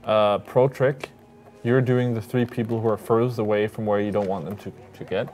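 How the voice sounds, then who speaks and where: A man co-hosting a game livestream, talking casually and handing out quick gameplay tips, with game music faintly behind. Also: lowish voice, fairly even intonation, a little mellow. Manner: chatty, quick advice-giving, lots of fillers. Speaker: livestream co-host.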